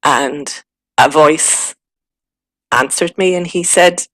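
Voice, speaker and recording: A middle-aged Irish woman giving a personal testimony, halting and emotional, with many fillers and restarts. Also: low-pitched, a bit bright, no room sound, rough recording. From Ireland. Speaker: guest recounting a spiritual experience.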